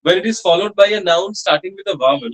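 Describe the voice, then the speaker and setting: A man's voice: high voice, rough recording. A man teaching a French class, explaining grammar and patiently repeating words for students to copy. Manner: slow, patient pronunciation drills with repetition. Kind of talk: language class instruction.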